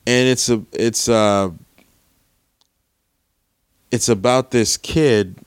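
A man's voice: medium pitch, fairly even intonation, extremely slow, clear, resonant tone, no room sound, studio quality. A man giving a casual, rambling movie review, swearing freely and often restarting his sentences. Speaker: film reviewer.

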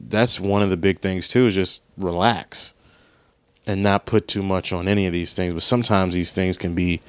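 A man's voice: low-pitched, smooth, dry recording. A young man, an actor, telling a rambling story in a casual monologue, voice jumping up when he retells arguments.

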